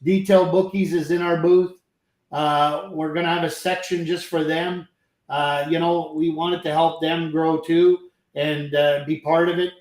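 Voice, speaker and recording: A man's voice: fairly high pitch, little pitch movement, unhurried, darkish tone, reverberant. A friendly, talkative man from Canada, a company president speaking as a podcast guest, who laughs easily. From French Canada. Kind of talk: casual chat.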